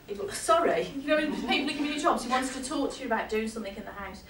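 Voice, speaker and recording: Racing along in a high voice with lively intonation, a woman gives a live-audience medium reading, laughing frequently, chatting, and checking with her listener as she goes. The background is noisy, and the sound comes from far away in an echoey hall.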